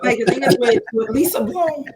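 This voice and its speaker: A woman co-hosting a casual podcast chat, voice going hoarse, animated with playful exaggerated reactions. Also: high-pitched, brisk, crowd noise. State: losing her voice. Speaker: podcast co-host.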